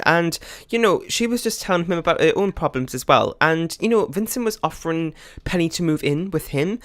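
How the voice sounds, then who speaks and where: A man giving casual gameplay commentary as a let's play host, rambling and chatty with many fillers and quick laughs. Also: fairly high pitch, fairly bright tone, no room sound, studio quality.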